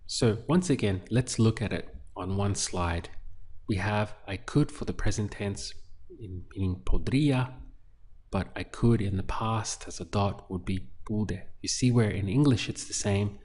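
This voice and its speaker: A man teaching a language lesson, speaking clearly and patiently, repeating words slowly for practice. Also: fairly low pitch, a little mellow. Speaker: Spanish teacher.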